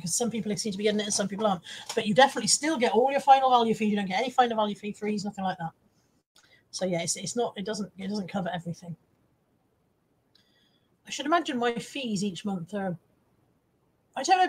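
A woman's voice: medium pitch, darkish tone, slightly rough. A woman hosting a casual live stream, chatting to her viewers and reading out their comments, self-deprecating and swearing now and then.

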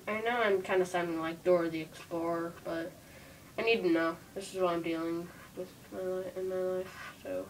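A woman doing a playful comedy skit for viewers, excitable and jumpy, with shrieks and hushed asides. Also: fairly low pitch, normal speed, recorded from a distance, rough recording. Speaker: video creator. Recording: faint room noise, voice a bit off-mic.

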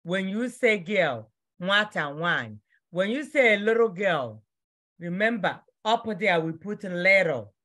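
A woman teaches a vocabulary lesson, repeating each word so students can copy how it is pronounced. She talks slowly and deliberately. Her voice sits at a middle pitch. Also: sing-song, a bit bright. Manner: slow, repetitive drilling of words for pronunciation. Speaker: language teacher.

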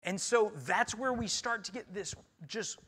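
A man with a Texan accent preaching a conversational sermon in a church, lively and playful, teasing the congregation and speaking to them directly. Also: high-pitched, unhurried. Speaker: pastor. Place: church sanctuary.

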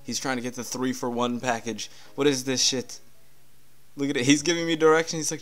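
A man's voice: mid-range voice, fairly even intonation, a little fast, a bit bright. Profane, rambling male game commentator. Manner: profane, rambling, easily irritated. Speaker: gameplay commentator. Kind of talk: casual let's-play commentary.

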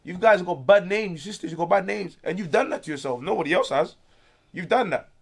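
A young man from Congo, ranting loudly with profane slang as a guest in a casual interview. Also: high-pitched, lively intonation, brisk, slightly rough.

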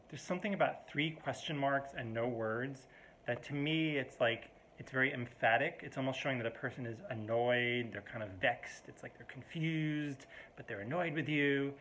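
A man's voice: mid-range voice, normal speed, a bit bright. Man, casual vlog rant, rambling with fillers, mildly exasperated, camera mic at home, faint hiss. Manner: chatty, rambling, many fillers and restarts. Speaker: vlogger.

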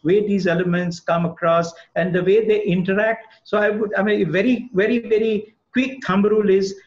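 A man from India speaks as a guest architect over a video call, earnest and rambling, with plenty of fillers. His voice sits a little high. The call audio is muffled and lo-fi. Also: steady tone, moderate pace. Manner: earnest, discursive, frequent "uh" fillers. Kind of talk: webinar Q&A answer.

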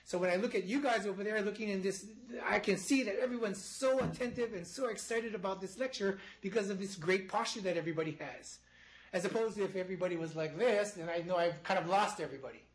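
A man's voice: sits high, fast, poor audio. A man, a psychology professor, lecturing live to a studio audience in an explanatory way, often restarting his phrases. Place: university studio before an audience.

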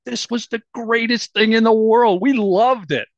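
A man with a high voice chatting with enthusiasm on a podcast. The sound is dry with no room echo, and it is muffled and lo-fi. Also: unhurried. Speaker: podcast co-host. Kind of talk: casual podcast chat.

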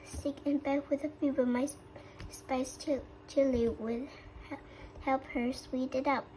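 A woman with a Vietnamese accent reading the lines of a clever young girl in a storybook, careful and halting. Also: sits high, steady tone, mellow, a little hiss or hum, low-quality recording. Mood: earnest. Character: clever young girl heroine, Little Red.

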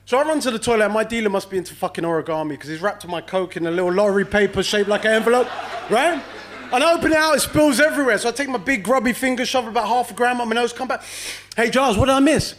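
A man's voice: high voice, racing, fairly bright tone. A man doing a brash, profane stand-up set and teasing the crowd in a comedy club.

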